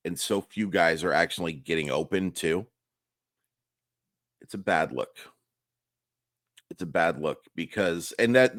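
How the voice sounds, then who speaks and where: A young man with a raspy, hoarse voice, giving a candid, rambling solo recap of a basketball game as host. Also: low-pitched, fairly bright tone, dry recording, clean studio sound. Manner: candid, frustrated, rambling with restarts. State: hoarse, losing his voice. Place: home room, early morning.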